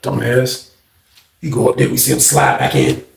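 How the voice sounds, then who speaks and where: A man's voice: medium pitch, lively intonation, moderate pace, vocal fry, reverberant. A man telling a story in a casual, slangy monologue and acting out the other people.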